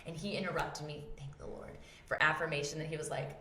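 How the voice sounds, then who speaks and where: A woman hosting a casual faith talk, telling a personal story with animated acted-out quotes. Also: low voice, brisk, roomy sound. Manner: animated, acts out her own quotes. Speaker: podcast host.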